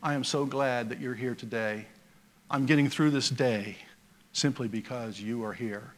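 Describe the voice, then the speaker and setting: A man voicing a weary, grieving male president in a sermon story, speaking soft and low with a heavy heart. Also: normal speed, close to an everyday voice.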